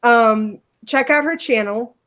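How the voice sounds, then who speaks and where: A woman's voice: on the high side, takes it slowly, a bit bright. A woman co-hosting a casual livestream chat, talking loosely with many fillers and restarts. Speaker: podcast co-host.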